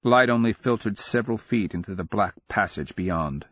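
A man narrating a fantasy audiobook in a measured, dramatic storytelling manner. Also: fairly low pitch, expressive, fairly bright tone, slightly rough, no room sound, dull audio.

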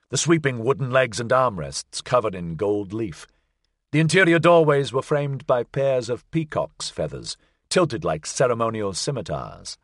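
A man with a mid-range voice narrates an audiobook from a script, measured and expressive. The studio sound is clean, with no echo.

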